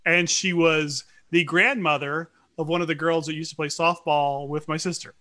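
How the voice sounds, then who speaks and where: Bright-voiced man telling profane stories. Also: a little high, moderate pace. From South Louisiana. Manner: animated, profane storytelling with frequent restarts. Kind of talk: casual chat.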